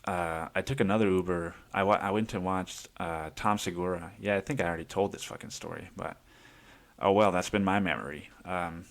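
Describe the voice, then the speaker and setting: Guy with a really low voice doing a podcast, just rambling thru a story, laughing and cussing a lot. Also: steady tone, fairly quick. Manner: rambling, laughs often, swears freely. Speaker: podcast host. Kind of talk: casual storytelling monologue.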